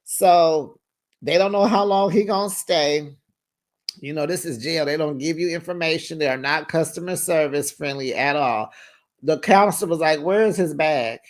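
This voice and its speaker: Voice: mid-range voice, normal speed. Sassy, chatty reality TV recap host. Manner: sassy, chatty storytelling with slang asides; acts out quoted people in changed voices. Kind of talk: casual recap commentary to viewers.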